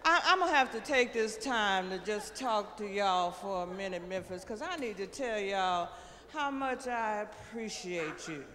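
Older woman comedian, brash and profane, bright lively voice, long theater reverb. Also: medium pitch, measured pace, slight background noise. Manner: brash, profane, animated storytelling. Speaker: stand-up comedian. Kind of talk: stand-up comedy set. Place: large theater stage.

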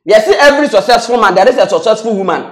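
A man with a Ghanaian accent delivers heated political commentary in a notably high voice. He switches between Twi and English, hammers points home by repeating words, and laughs mid-sentence. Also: animated, fast talker, a bit bright. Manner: mixes Twi and English, repetitive emphatic phrases, laughs while talking. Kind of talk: animated political talk.

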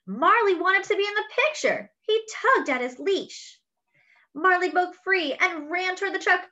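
A woman reading a picture book aloud to children, expressive and exclaiming over the pictures. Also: extremely high pitch, unhurried, highs cut off. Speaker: children's story reader. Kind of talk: read-aloud storytelling.

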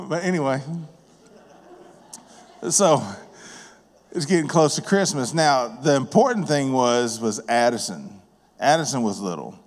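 In a church sanctuary with the long reverb of a church hall, a man preaches a sermon in a plain-spoken, conversational way. His medium-pitched voice is animated and unhurried, with frequent pauses, as he tells stories from his work as a contractor and business owner.

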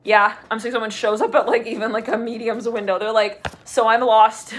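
A woman's voice: fairly high pitch, little pitch movement, a little fast, a bit bright, a little hiss or hum. A woman giving a channeled tarot reading, chatty and rambling, laughing often and acting out the voices she describes. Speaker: tarot reader.

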